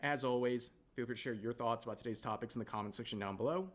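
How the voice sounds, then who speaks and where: A man hosting an online commentary video, narrating with outrage and addressing his viewers as ladies and gentlemen. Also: mid-range voice, fast talker.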